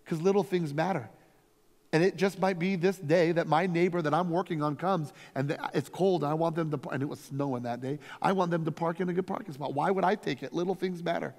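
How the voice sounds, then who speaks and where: A man's voice: a little high, fairly quick. Reverberant, storytelling male pastor. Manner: storytelling, energetic, emphatic. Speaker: lead pastor. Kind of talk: conference workshop teaching. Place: conference workshop room. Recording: long reverb from a hall.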